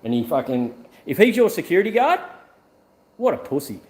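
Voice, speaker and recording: A man's voice: fairly high pitch, sing-song, brisk, a little mellow. An Australian man vlogging around a car yard, chatting to viewers in a blunt, rambling way and swearing freely. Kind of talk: casual rambling chat to viewers.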